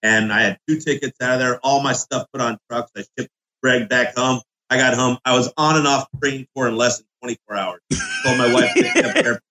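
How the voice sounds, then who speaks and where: A man appears as a guest chef and tells his stories bluntly, with plenty of swearing. His voice sits at a middling pitch, and he keeps the chat casual and direct. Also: fairly even intonation, brisk, sharp tone, rough recording. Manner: blunt, profane storyteller.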